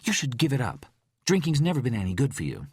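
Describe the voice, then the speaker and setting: A man's voice: mid-range voice, huge pitch swings, fast talker, darkish tone, husky, no echo, studio quality, pitched above the performer's own voice, full character voice. A man voicing a blunt, exasperated male caretaker who scolds his employer in an audiobook. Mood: scolding. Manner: curt, scolding.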